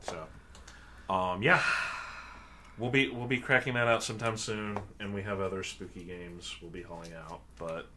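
A man co-hosting a game stream, speaking calmly and briefly as he wraps up the show. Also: sits low, normal speed, slight background noise. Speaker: co-host of a board game stream. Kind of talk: casual stream sign-off.

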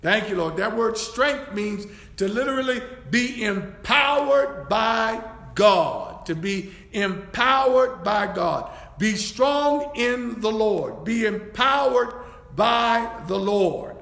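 A man's voice: sits high, animated, takes it slowly, vocal fry, fairly bright tone. A man preaching a sermon as a bishop-elect, repeating his phrases and breaking in with praise. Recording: echoey church hall.

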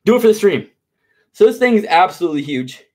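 A man on a live stream with a slightly high voice, talking loosely and casually to his chat. He drops bro and dude into nearly every line. He coaxes and soothes a pet snake while sounding uneasy about it. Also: very animated, fast talker, a little mellow. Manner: laid-back and slangy, calls everyone bro and dude; nervous and coaxing while handling a snake.

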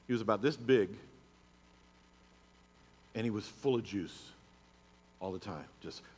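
A man's voice: lowish voice, measured pace, a little mellow, big-room sound, slight background noise. A middle-aged man preaching a sermon, moving from personal storytelling into emphatic declarations. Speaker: pastor. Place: church sanctuary.

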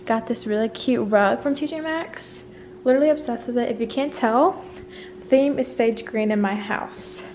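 Young woman vlogger, chatty and bubbly, slightly high voice, faint room hiss behind. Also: normal speed, darkish tone. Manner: chatty and bubbly, rambling asides. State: slightly out of breath. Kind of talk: casual apartment tour. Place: small apartment indoors.

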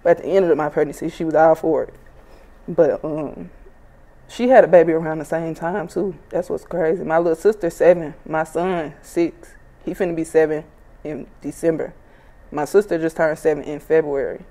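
A woman's voice: sits low, steady tone, moderate pace, dark tone. A woman of twenty-five, a rapper, chatting casually and bluntly in an interview, swearing freely and laughing as she tells stories. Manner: blunt, profane, laughs while telling stories.

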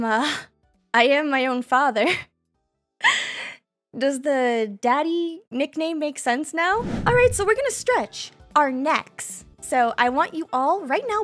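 A woman's voice: high-pitched, fairly bright tone. A woman VTuber giving a playful self-introduction, giggly and teasing with exaggerated yelps and squeals.

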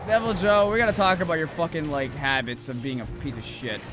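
A man giving casual gameplay commentary as a let's-play host, swearing freely and yelling insults at the monster he fights. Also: a little high, steady tone, fairly quick, background noise. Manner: profane, yells insults at the monster. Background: game music.

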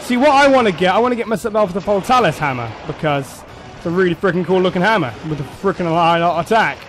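High-voiced excitable male gamer. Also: fast, slight background noise. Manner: excitable, shouts and laughs at the game. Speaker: gameplay commentator. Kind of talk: let's play commentary.

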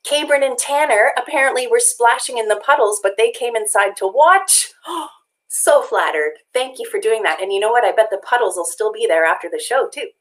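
A woman's voice: a little high, expressive, fairly quick, poor audio. A woman co-hosting a children's show, cheerfully greeting viewers by name. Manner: bright, friendly, reads out names.

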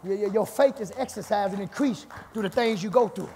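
A pastor preaching a fiery sermon, shouting, chanting and calling out to his congregation in a church. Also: high-pitched, fairly quick, creaky. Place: church sanctuary. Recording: long church reverb, congregation faintly behind.

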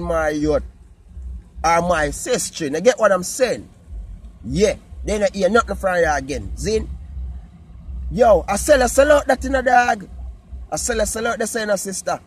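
A man with a Jamaican accent talking casually to his viewers in patois, animated and repetitive. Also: sits high, normal speed, long pauses, breathy edge. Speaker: vlogger. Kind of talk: casual talk to camera.

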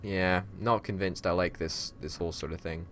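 Wry low-voiced man grumbling over gameplay. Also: fairly even intonation, moderate pace, fairly bright tone, a little hiss or hum. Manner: wry, grumbling, laughs often. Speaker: gaming channel host. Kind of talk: casual gameplay chat.

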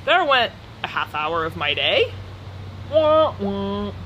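A woman's voice: sits low, very animated, normal speed, bright, forceful tone, rough recording. Wry woman with noise behind. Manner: dry, laughing, wry asides. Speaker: co-host and reseller. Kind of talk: casual unboxing chat. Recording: background noise.

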